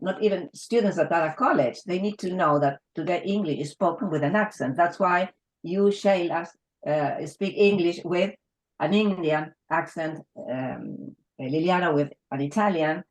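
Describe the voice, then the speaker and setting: A woman with an Argentinian Spanish accent, a native Spanish speaker who teaches English, speaks earnestly and emphatically in a round table discussion, restarting often. Her voice is low and her pace moderate, and the recording is rough.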